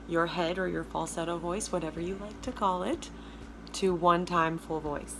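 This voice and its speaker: A woman vocal coach with a Southern American accent and a low alto speaking voice, giving a chatty, emphatic lesson straight to her viewers. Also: fairly even intonation, normal speed, fairly bright tone, slight background noise. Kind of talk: casual video lesson.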